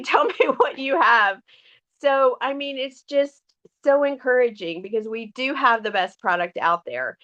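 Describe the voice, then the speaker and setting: A woman's voice: a little high, a bit bright. A middle-aged woman, talking casually and earnestly to her sales team, with many fillers and restarts. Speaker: direct sales team member. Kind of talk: casual motivational talk. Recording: dull lo-fi audio.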